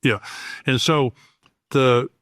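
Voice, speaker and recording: A man's voice: medium pitch, steady tone, takes it slowly, a bit bright, no echo, studio quality. A man hosting an interview, making his points earnestly and restarting his sentences as he goes. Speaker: host.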